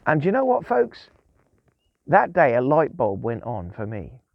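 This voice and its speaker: Male guest preacher, chatty storyteller, animated delivery, slightly muffled recording. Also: medium pitch, measured pace, gravelly, no room sound. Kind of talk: informal devotional talk. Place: outdoors in the countryside.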